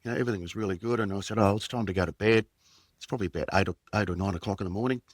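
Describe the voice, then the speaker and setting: Low-voiced Australian man telling a story. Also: no room sound. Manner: halting, reflective, many fillers and restarts. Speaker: podcast guest, former police detective. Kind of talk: personal storytelling in conversation.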